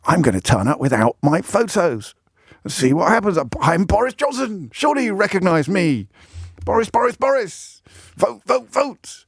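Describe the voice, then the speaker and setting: A man's voice: high voice, very animated, moderate pace, vocal fry, husky, dry recording, clean studio sound, pitched above the performer's own voice, full character voice. A man putting on the voice of a blustering, self-important posh male politician, stammering and plummy as he talks. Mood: bumbling. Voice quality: plummy, bumbling, full of stammered starts.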